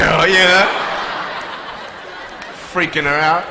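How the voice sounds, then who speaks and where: A man's voice: sits high, little pitch movement, unhurried, crowd noise, background noise. A man with an Australian accent giving a humorous motivational speech on stage, a playful storyteller who acts out his scenes. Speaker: motivational speaker. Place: large hall, on stage before an audience. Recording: echoey hall with long reverb.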